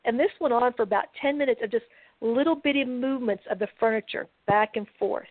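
A woman with a fairly high voice tells her story plainly and steadily. She is heard over a thin phone line. The sound is dry. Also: brisk, dry recording. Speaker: guest researcher. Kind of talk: casual storytelling on a call-in show.

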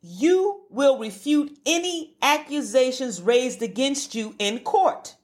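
A woman's voice: high-pitched, animated, slow pace. A woman preaching a fervent, emphatic sermon and repeating words for emphasis.

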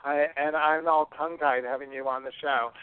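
A man's voice: a little high, fairly even intonation, fairly quick, a crowd in the background. A man hosting a podcast in a chatty, casual way, often tripping over his words. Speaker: podcast host. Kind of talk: casual radio-style hosting. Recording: tinny phone-like line.

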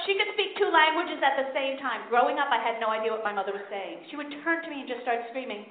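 Woman stand-up comic, high-pitched, punchy, self-mocking, tinny phone-like sound, echoey room. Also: animated, fast, few pauses. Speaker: stand-up comedian. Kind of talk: stand-up comedy set. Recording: echoey tinny live recording with noise.

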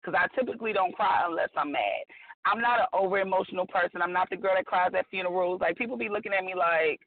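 A woman's voice: on the low side, fast, dry recording. A woman guest talking on a radio chat show, outspoken, blunt and emphatic, with plenty of slang. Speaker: guest author. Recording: tinny phone line.

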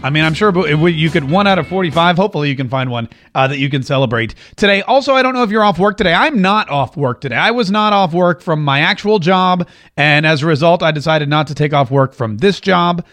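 A man's voice: a little high, animated, quick pace, fairly bright tone. A man hosting his own show, chatting casually and rambling to viewers, often restarting his sentences. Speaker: show host. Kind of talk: casual live-stream chat.

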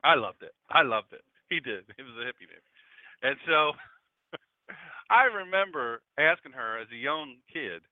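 A man, a pastor hosting an internet radio show, talking in a folksy, animated, conversational preaching style straight to his listeners. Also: medium pitch, measured pace, no room sound. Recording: dry, phone-like lo-fi line.

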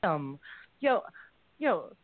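A woman's voice: fairly low pitch, sing-song, drawn-out words, no room sound. A woman co-hosting a casual live call-in show, gushing and rambling with many fillers. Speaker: co-host. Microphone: call-in line. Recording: tinny phone-line sound.

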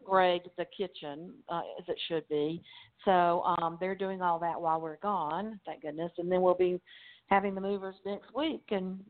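Woman author guest, mid-pitched, rambling and easygoing, laughs easily, phone-line sound. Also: fairly even intonation, normal speed. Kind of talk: casual interview chat. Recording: phone-line interview audio.

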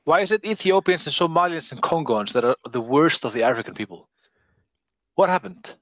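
A man from Iceland co-hosting a podcast in casual chat, blunt with quick reactions, heard over a slightly dull remote line. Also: fairly high pitch, expressive, no room sound.

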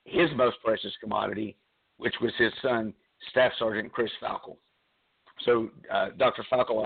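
A man hosting a talk radio show, speaking earnestly with many pauses and fillers while losing his voice, calling in by cell phone. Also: mid-range voice, vocal fry, slightly rough. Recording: tinny cell phone line.

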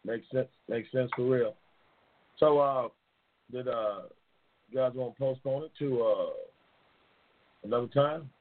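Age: adult. Sex: male. Role: talk show host. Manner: slangy, rambling, repetitive. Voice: husky. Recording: phone-like. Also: medium pitch, measured pace, long pauses. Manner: loose, slangy, rambling, repeats himself. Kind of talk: casual live-stream chat. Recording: tinny phone-like line.

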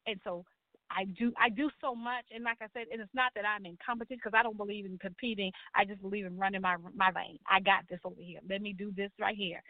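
A middle-aged woman, telling her life story as a talk show guest in an animated way, acting out voices and crying out to the Lord. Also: mid-range voice, a little fast, no echo. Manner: animated storytelling, acts out quotes, churchy exclamations. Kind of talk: personal testimony in a talk show. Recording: tinny phone-line sound.

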